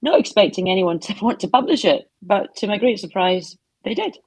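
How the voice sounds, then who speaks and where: A middle-aged woman, an author being interviewed from her home office, answers conversationally with heartfelt stories and soft asides. Her mid-range voice is expressive and husky, moving a little fast, and the recording is dry.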